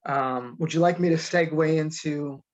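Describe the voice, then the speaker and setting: A man's voice: a little high, steady tone, moderate pace. Earnest New York man, muffled line. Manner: earnest, reflective storyteller. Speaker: guest, high school teacher. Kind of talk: remote podcast interview.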